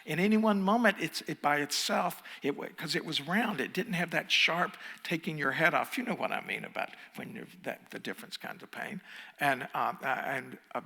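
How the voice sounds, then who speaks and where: Guy giving a dharma talk, husky gravelly voice, chatty storytelling, long hall reverb. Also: a little high, expressive, brisk. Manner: conversational, chuckling, restarts, drops to hushed emphasis. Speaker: meditation teacher.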